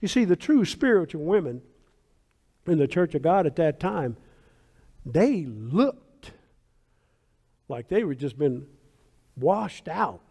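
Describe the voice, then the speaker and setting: A pastor preaching a sermon in a church sanctuary, animated and storytelling, with emphatic asides. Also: male voice, fairly high pitch, slow pace, long pauses. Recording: long hall reverb.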